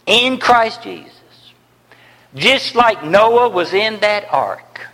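A high-pitched man preaching slowly in a church sanctuary, repeating phrases for emphasis. He swings from ringing declarations to hushed near-whispers. His voice trails off in the long reverb of a large hall. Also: animated. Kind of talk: sermon.

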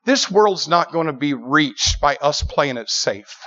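A middle-aged male preacher tells stories to a church crowd in an animated, emphatic way, stacking repeated words as the tale builds. His voice sits slightly high for a man. The recording is dull and lo-fi. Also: measured pace. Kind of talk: storytelling sermon.

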